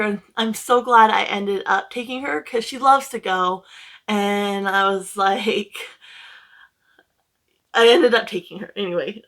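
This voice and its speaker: A young woman who vlogs about books talks to the camera from home, casually recounting her day in a rambling way packed with fillers and emotion. Her voice is slightly high with a fairly bright tone.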